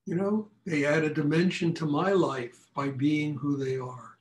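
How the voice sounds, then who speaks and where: A man's voice: on the high side, a little slow, reverberant, slight background noise, poor audio. An older man, a meditation teacher, speaking frankly and telling stories in a lecture and question session after a class. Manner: frank, animated storytelling.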